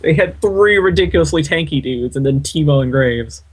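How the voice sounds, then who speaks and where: A man casually commentating over a replay of his team's online game, relaxed, dry and self-mocking. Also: on the high side, normal speed, slightly rough. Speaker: gaming channel co-host.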